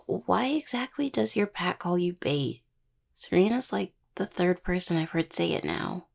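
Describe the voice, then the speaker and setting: A tender, curious necromancer partner, played by a woman in a whispered role-play, her voice low and heavily gravelly with a husky, breathy edge. She talks softly and close, teasing gently. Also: lively intonation, unhurried. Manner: soft, intimate, teasing and curious. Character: caring necromancer partner checking on werewolf. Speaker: audio role-play performer.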